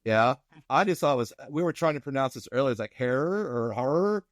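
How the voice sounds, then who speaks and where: Man, podcast host, casual upbeat chat, mid pitch, dry close mic. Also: no room sound. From Indiana, USA. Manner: upbeat, laughing, quick introductions.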